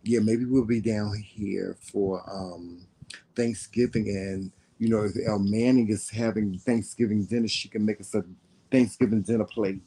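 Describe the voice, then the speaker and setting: A man's voice: lowish voice, fairly even intonation, unhurried, mellow, husky, low-quality recording. A man from the American South with a faded Southern accent, chatting casually as co-host and full of fillers and restarts. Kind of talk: casual chat.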